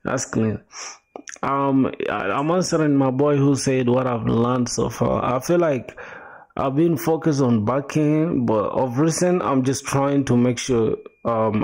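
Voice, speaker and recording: A man's voice: medium pitch, darkish tone. A young man casually chatting with viewers on a coding livestream, laid-back and slangy, explaining as he thinks aloud. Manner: answers chat while thinking aloud, with fillers and restarts. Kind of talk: casual live-stream chat.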